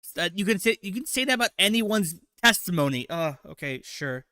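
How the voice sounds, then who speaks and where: Man, livestream host, sarcastic and crude, bright edgy voice, dry close sound. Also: high voice, big pitch swings, brisk, no echo. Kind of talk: casual livestream commentary.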